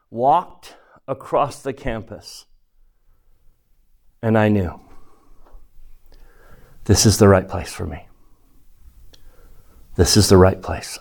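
Man, religious teacher, devotional class lesson, slow deliberate delivery, hushed emphasis, mid-range voice. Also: medium pitch.

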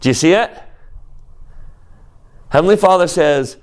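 A man's voice: fairly high pitch, expressive, a little slow, pauses often, clean tone. Man teaching a scripture class. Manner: questions the class directly. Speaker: religious teacher.

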